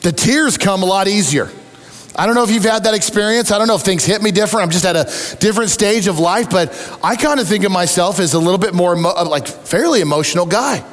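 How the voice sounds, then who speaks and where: A middle-aged male pastor preaches in a high, bright-pitched voice. He tells stories with animated, self-deprecating humor. His voice rings out with the long reverb of a large hall. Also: quick pace. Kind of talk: sermon.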